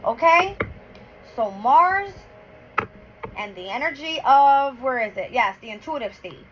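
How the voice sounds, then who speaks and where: A woman's voice: high voice, animated, measured pace, a bit bright. A woman doing a casual tarot and astrology reading, counting cards aloud and getting heated, blunt and full of swearing. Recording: dull lo-fi with clear background noise.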